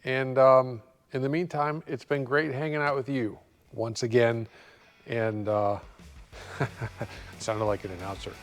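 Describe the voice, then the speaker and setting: A man hosting a car repair show, chatting casually and thinking aloud with lots of pauses in his shop. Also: mid-range voice, in a large hall, faint music behind. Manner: rambling, relaxed, thinking aloud with many pauses. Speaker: host of a car repair channel. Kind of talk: casual talk to camera.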